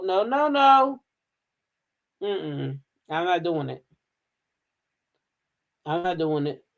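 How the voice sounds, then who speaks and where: A woman hosting a casual commentary show, sassy and emphatic, often repeating herself. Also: lowish voice. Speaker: host.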